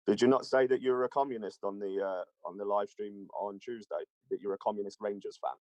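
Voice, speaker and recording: A man on a live-stream panel who pushes back with quick challenges and questions in casual debate. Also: on the low side, fairly even intonation, a little mellow, no room sound, highs cut off.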